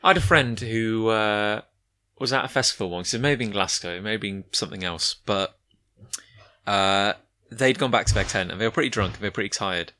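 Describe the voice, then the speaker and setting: Man telling stories, bright voice. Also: lowish voice, fairly quick. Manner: anecdotal storyteller, acts out voices. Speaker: podcast co-host. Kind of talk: casual chat.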